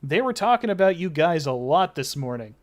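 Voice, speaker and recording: Man, game master, tabletop narration, fairly high voice, easygoing with fillers. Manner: relaxed, halting narration with fillers.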